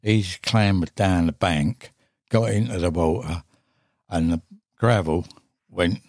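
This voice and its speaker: An older Englishman with a deep, slow, slightly mellow voice rambles casually through a fishing story, swearing a lot and laughing along the way. He's a guest angler speaking into a studio mic in a podcast studio, and the recording is dry.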